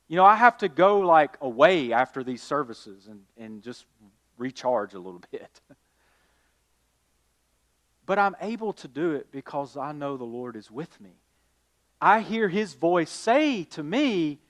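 A man preaching a sermon, rising to emphatic calls and then dropping quiet. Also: high-pitched, very animated, a little slow. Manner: addresses listeners as y'all. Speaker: pastor.

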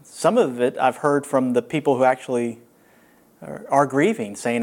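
A man preaching a sermon as a pastor, earnest and reflective, with long pauses. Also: mid-range voice, a little mellow.

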